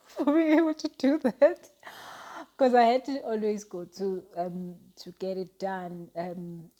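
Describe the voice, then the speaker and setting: A woman's voice: fairly low pitch, mellow. A young woman speaking as a life coach, giving an earnest, chatty motivational talk with frequent restarts and fillers.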